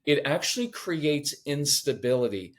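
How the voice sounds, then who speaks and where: Man, podcast guest, animated, lively delivery, conversational teaching. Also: a little high, measured pace. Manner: animated, acts out quoted voices, jokes.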